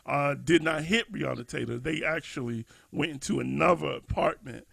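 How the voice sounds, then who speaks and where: A man with a deeply gravelly, slightly husky voice talks through a topic on a podcast, restarting sentences and leaning on fillers as he thinks. The recording is close and dry, with no room sound. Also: normal speed, fairly bright tone, dry recording. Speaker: podcast co-host. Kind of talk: casual discussion podcast.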